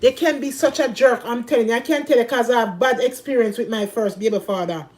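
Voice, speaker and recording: Jamaican woman, middle-aged, high voice, loud scolding patois rant, casual stream host. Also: fast. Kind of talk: ranting casual talk.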